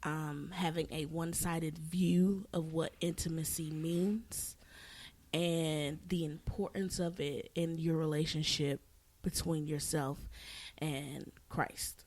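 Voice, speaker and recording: A woman with a slightly low voice co-hosts a faith podcast. She explains ideas earnestly, talking fast and catching her own slips as she goes. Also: fairly even intonation, a little mellow. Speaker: podcast co-host. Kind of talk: casual faith podcast chat.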